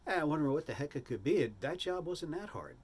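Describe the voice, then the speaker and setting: An older man telling a humorous personal story in a rambling, animated way, full of asides and restarts. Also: a little high, fast talker, a little hiss or hum.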